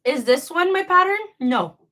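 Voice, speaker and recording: A young woman chats on a casual livestream, crocheting as she goes. Her voice is bright and a little high, and she jumps between topics in a bubbly, self-mocking way. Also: animated, moderate pace. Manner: bubbly, rambling, self-deprecating.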